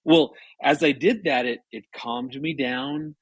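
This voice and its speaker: A man in his fifties with a husky, mid-range voice speaks unhurriedly in a recording with no echo. As a guest and marriage author on a casual radio conversation, he talks through a story earnestly, restarting often and growing animated as he retells it.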